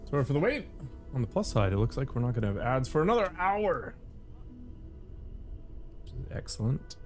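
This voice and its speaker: A man's voice: mid-range voice, big pitch swings, moderate pace, a little mellow. A male streamer talking casually on a live stream, rambling and joking while eating. His voice sits mid-range for a man, with faint game music behind him.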